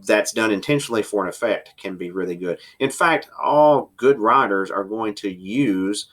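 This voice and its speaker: A man teaching a writing class in a recorded lecture, explaining step by step, slowing down for emphasis and sometimes pausing on fillers. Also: lowish voice. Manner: explanatory, varies pace for emphasis, occasional fillers.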